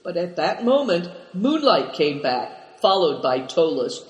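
A male storyteller with a high voice reads a novel aloud, lifting his voice for the characters' lines. The recording sounds roomy, with a long reverb tail. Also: sing-song, a little slow. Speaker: audiobook narrator. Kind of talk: scripted narration.

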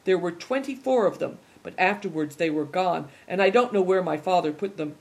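A reader voicing a lively, inquisitive young boy who exclaims eagerly, in a storybook reading. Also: medium pitch, fairly quick, gravelly.

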